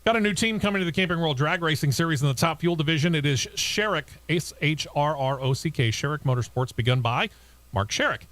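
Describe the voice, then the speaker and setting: A man's voice: fairly high pitch, lively intonation, fast talker, fairly bright tone. A man hosting a racing talk show, reading motorsport news and bantering with his co-hosts. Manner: reads news items then chats and laughs with co-hosts.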